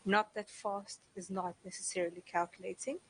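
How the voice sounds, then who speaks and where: A woman's voice: medium pitch, little pitch movement, moderate pace, fairly bright tone. A woman doing live esports commentary and chatting with viewers. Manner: chatty, talks to the chat. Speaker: esports caster. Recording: noisy stream audio.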